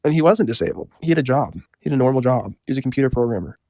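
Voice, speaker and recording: A man's voice: medium pitch, very fast, no echo. Rambling man telling a story, dry sound. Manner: rambling, lots of "like" fillers, deadpan. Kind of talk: casual storytelling.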